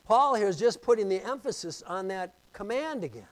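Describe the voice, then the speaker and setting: Pastor guy preaching with a high-pitched voice, really leans on repeated phrases. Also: animated, brisk, rough recording. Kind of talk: sermon.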